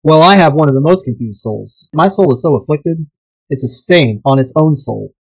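A man chats loosely over drinks on a podcast, his voice sitting a little high and getting animated as he jokes and swears. The sound is dry and close, with no room echo. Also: moderate pace, vocal fry, husky. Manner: animated, jokey, swears freely. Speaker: podcast co-host. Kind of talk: casual chat over whiskey.

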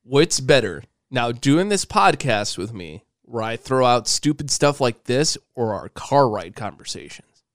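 A man's voice: mid-range voice, big pitch swings, unhurried, no room sound, clean studio sound. A young man co-hosting a podcast, teasing and joking in casual chat with his partner. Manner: teasing, playful, jokey. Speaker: podcast co-host.

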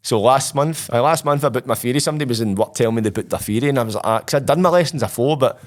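A man's voice: medium pitch, very fast. A young Scottish man, a podcast guest, animatedly retelling his story with plenty of swearing. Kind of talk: casual storytelling.

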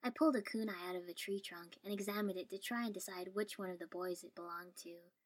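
A woman's voice: mid-range voice, fairly even intonation, fast. A woman reading a first-person story aloud in a dry, wry tone. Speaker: story reader.

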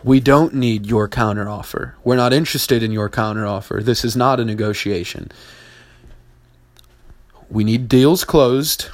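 A man's voice: medium pitch, measured pace. A man hosting a solo business podcast, talking in a blunt, heavily profane and mocking way. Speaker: business owner and podcast host.

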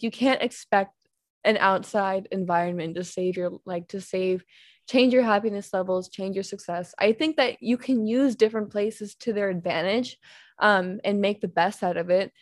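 A woman's voice: medium pitch, dry recording, studio quality. A young woman co-hosting a casual podcast, chatting in a giggly way and leaning heavily on "like". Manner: chatty, giggly, heavy use of "like". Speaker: podcast co-host. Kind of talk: casual chat.

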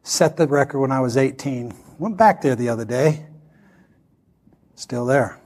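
In his sixties, a preacher shares a personal story with lively energy, voicing the dialogue himself. His pitch is medium and his pace measured.

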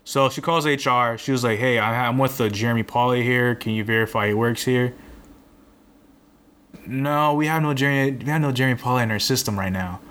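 A man's voice: mid-range voice, fairly quick, fairly bright tone. A young man telling a rambling, exasperated story in casual chat, swearing now and then.

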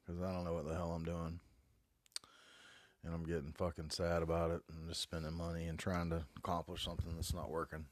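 Fighting a stuffy head cold, this North Carolina podcast host in his 40s talks alone into his phone in a back bedroom at home. His low voice comes out completely flat and brisk as he rambles, glum and cursing a lot, in a casual monologue. The recording is dry.

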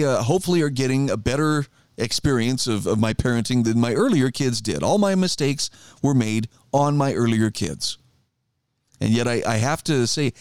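A man's voice: medium pitch, a little mellow, no echo. A middle-aged man hosts his talk radio show, speaking in a conversational, reflective monologue. His voice moves animatedly up and down while he reads passages aloud with emphasis. The studio sound is dry and close.

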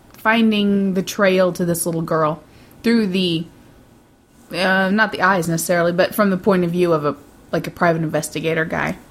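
A woman co-hosting a casual podcast, chatty and giggly, often trailing off mid-sentence. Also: lowish voice. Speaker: podcast co-host. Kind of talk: casual chat.

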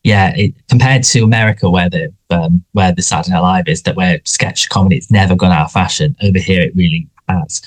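A man with a low, slightly husky voice co-hosts a podcast. He chats casually and rambles, often circling back and restarting his sentences. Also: fairly quick, few pauses. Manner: rambling, frequent restarts and fillers. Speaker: podcast co-host. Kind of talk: casual chat about a sitcom.

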